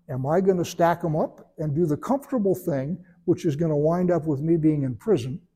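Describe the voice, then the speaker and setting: A man giving a sermon in a relaxed, conversational way, telling stories and breaking into animated voiced asides. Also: fairly high pitch, husky. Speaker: preacher.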